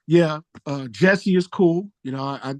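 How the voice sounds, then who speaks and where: A man tells stories as a guest in a casual interview. His voice sits a little higher than usual and rises sharply when he gets excited. The talk is relaxed and full of slang, and the sound is dry and close. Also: measured pace, dry recording. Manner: animated storyteller, jumps high when excited. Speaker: musician guest.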